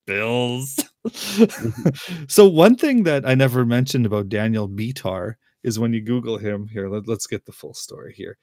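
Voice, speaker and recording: A man's voice: mid-range voice, lively intonation, normal speed, dark tone, dry recording, studio quality. A man chatting casually as podcast host, laughing often and restarting his sentences. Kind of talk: casual chat.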